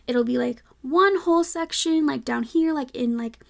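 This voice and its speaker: A woman's voice: sits high, moderate pace, creaky. A woman hosting a casual podcast, a reading teacher talking in a chatty, playfully opinionated way full of fillers. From United States. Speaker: podcast host.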